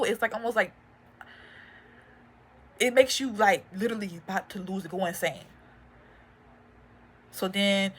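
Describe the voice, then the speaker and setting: A young woman giving a personal testimony, earnest and halting with many fillers and restarts, audibly emotional. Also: mid-range voice, a bit bright. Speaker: faith and motivation vlogger.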